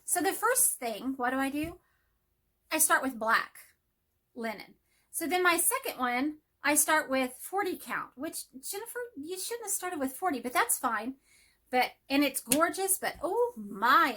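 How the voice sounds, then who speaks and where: A woman chatting excitedly about her cross-stitch projects in a casual home vlog, speeding up when enthusiastic. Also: sits high, unhurried. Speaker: cross-stitch vlogger and teacher. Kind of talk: casual show-and-tell vlog.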